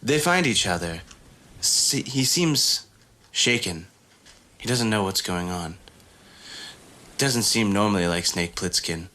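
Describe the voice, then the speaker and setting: A man co-hosting a casual comedy podcast, making up a ridiculous story as he goes. His voice sits low with a bright, forward tone, and his delivery is playful and quick. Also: animated. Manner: playful, quick, laughs often. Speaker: podcast co-host.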